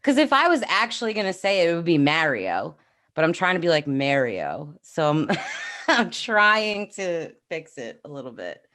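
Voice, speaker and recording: A woman's voice: lowish voice, very animated, normal speed, bright, forceful tone. A woman in her thirties from New York with a New York accent, co-hosting a podcast and chatting casually on a livestream, rambling and laughing often. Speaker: podcast co-host.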